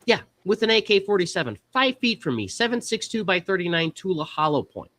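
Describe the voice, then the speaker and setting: A man hosting a podcast, telling a story in a casual, animated way and acting out the other people's lines. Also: sits high, fairly quick, no echo. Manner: animated, acts out quoted voices. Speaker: podcast host.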